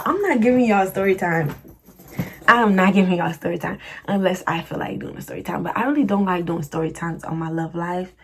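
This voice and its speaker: A young woman vlogger with a husky, mid-range voice answers viewer questions in a casual Q&A. She's chatty and slangy and laughs often.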